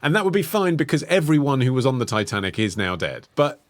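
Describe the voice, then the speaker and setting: A man co-hosts a history chat, asking his guests pointed questions with audible indignation. His pitch rises and falls animatedly as he talks. The sound is dry and close, with no room around it. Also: big pitch swings, fast talker, dry recording. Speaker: podcast co-host. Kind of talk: casual history podcast chat.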